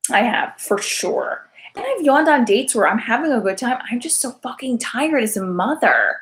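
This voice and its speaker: A woman's voice: fairly high pitch, very animated, moderate pace, a bit bright. A woman in her thirties, a single mother doing a rambling comic monologue, chatty and full of fillers, with sarcastic self-mocking jokes.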